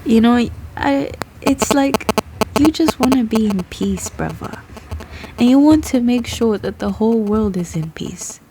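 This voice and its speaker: Slow, rambling woman. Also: a little high, expressive, dark tone, a little hiss or hum. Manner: laughs often, swears casually, drifts between thoughts. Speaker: tarot reader. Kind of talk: rambling casual chat to camera.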